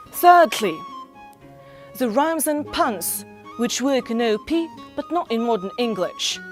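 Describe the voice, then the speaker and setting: Young Russian-native student presenter, high voice, careful scripted delivery, faint music underneath. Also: female voice. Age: young adult. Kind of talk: read-aloud presentation.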